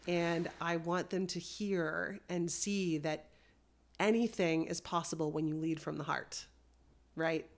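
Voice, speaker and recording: A woman's voice: lowish voice, fairly even intonation, unhurried. A woman hosting a podcast, speaking in an encouraging, heartfelt and earnest way. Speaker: podcast host. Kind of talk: interview conversation.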